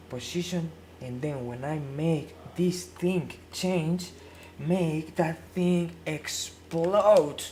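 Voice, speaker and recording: A woman's voice: deep voice, darkish tone, slight background noise. A woman speaking non-native English as a Spanish speaker, rambling through a live stream and acting out both sides of an imagined argument. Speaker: livestreamer.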